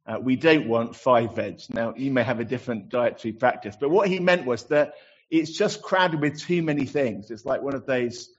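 A man's voice: mid-range voice, normal speed, slightly rough, lo-fi sound. A man preaching a sermon, chatty and self-deprecating, with many fillers as he tells anecdotes. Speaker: pastor.

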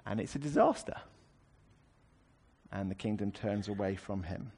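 A man's voice: lowish voice, normal speed, creaky, darkish tone, husky. A man preaching a sermon, explaining a scripture passage in a conversational way with wry asides.

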